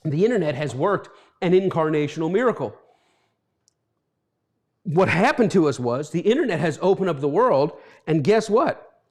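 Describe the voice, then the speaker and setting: A man's voice: a little high, animated, normal speed. A pastor in his fifties preaching a reflective sermon, earnest and stumbling over repeated words as he talks. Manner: acts out quoted voices.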